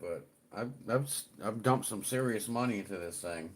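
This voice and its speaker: A middle-aged man hosts a livestream, greeting viewers in a fairly low voice at normal speed. His chat is casual and rambling, with a bit of swearing.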